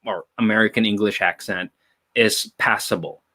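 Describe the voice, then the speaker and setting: A man from the Philippines hosting a casual chat, animated and laughing often. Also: fairly low pitch, normal speed. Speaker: host.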